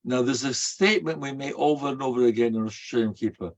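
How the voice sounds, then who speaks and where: A rabbi gives a story-filled sermon, speaking fast with hardly any pauses in a medium-pitched voice. He's a folksy storyteller who weaves in Hebrew and Yiddish terms. The lo-fi recording is dull and muffled.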